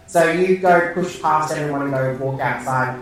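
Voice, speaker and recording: A woman's voice: low voice, normal speed. A woman with an Australian accent narrating a tabletop game as game master, in a loose, rambling way. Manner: loose and rambling, frequent restarts. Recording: distant roomy sound with background music.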